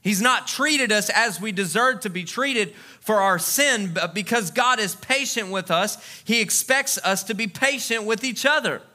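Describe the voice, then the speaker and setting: High, bright-voiced preacher man. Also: unhurried, few pauses. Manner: conversational preaching with asides and repetitions. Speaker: pastor. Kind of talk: sermon.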